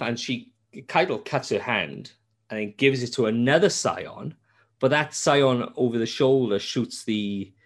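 A man chatting on a podcast about a game he plays. He tells the story in an animated, sweary way, restarting his sentences as he goes. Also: mid-range voice. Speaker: podcast host. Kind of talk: casual gaming chat.

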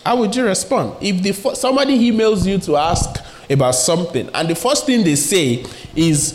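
A man preaching a sermon in a lively, conversational way, asking his listeners questions and acting out little everyday scenes. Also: high voice, normal speed, few pauses. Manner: acts out little scenes with quoted voices.

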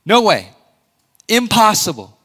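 A man preaching a sermon, conversational and earnest, often rising to loud emphatic peaks. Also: high-pitched, sing-song, measured pace. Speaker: pastor.

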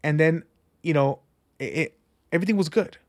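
A man's voice: a little high, normal speed. Earnest man telling a personal story. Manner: earnest, animated, repeats himself and restarts. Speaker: church member sharing testimony. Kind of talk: personal testimony, conversational storytelling.

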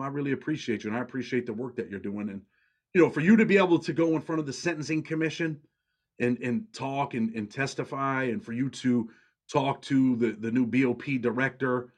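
A man hosting a podcast in a casual chat, blunt and outspoken in how he talks. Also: mid-range voice. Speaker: podcast host.

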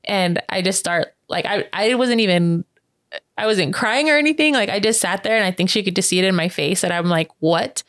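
Woman, casual storyteller, animated, plays the quoted voices, dry mic. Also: brisk, no room sound. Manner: animated, many fillers like "like" and "um"; acts out quoted voices with sharp pitch jumps. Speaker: interview guest.

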